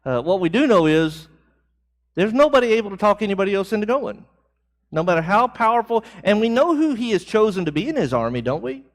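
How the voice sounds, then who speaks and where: A fairly high-voiced man teaches a church Bible class in an easy, conversational way. He keeps asking the room questions and answering back, and his voice rises as he presses a point home. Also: big pitch swings, fairly quick.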